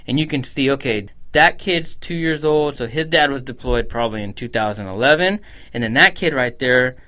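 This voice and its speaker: A man's voice: medium pitch, normal speed, bright, forceful tone. Blunt, profane male podcast co-host. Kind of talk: casual podcast chat.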